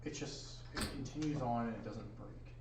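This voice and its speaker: A man narrating a tabletop game as game master, easygoing and quick to laugh. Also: medium pitch. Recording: echoey room, distant mic, noisy.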